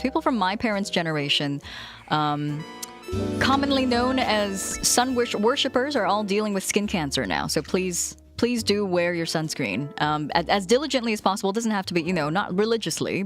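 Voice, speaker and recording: A young woman streamer in casual chat with her viewers, reading their messages aloud and chatting back with big swings in tone. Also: mid-range voice.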